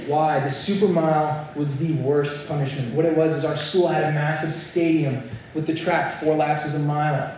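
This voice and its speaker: A man's voice: on the high side, level tone, normal speed, darkish tone, slight background noise. A young man preaching a sermon, telling a story and building to earnest, emphatic points. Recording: echoey hall, mic at a distance.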